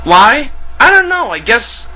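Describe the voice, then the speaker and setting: Brief: high-voiced man ranting to camera, sharp and strained, sarcastic and foul-mouthed. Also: very animated, measured pace, a little hiss or hum, low-quality recording. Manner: angry, profane, sarcastic. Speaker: video ranter. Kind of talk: ranting video commentary.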